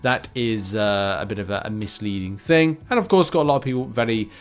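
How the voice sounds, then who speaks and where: A man's voice: fairly low pitch, a little fast, clean tone. Chatty man rambling through gaming news. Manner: chatty, rambling, frequent fillers and restarts. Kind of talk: casual news roundup.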